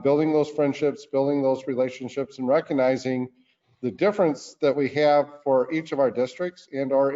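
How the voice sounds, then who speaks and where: A man speaking as a senator guest in an interview, in a deliberate, earnest way. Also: medium pitch, dark tone. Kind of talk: political interview talk. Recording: dull lo-fi sound.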